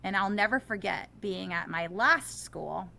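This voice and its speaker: A middle-aged woman teacher talking in an interview, animated and self-deprecating, growing impassioned as she makes her case. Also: medium pitch, a little slow, gravelly, slight background noise.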